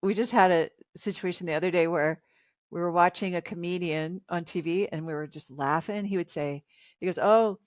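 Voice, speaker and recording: A woman's voice: on the low side, a little fast, no echo, studio quality. A woman in her fifties, a relationship author talking as a guest in a casual interview, chatty and reflective and laughing often.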